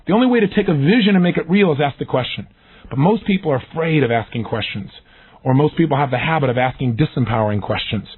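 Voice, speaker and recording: A man giving an energetic recorded self-help lesson, acting out the questions he describes in lively voices. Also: a little high, fast talker, breathy edge. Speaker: motivational speaker. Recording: tinny phone-like audio.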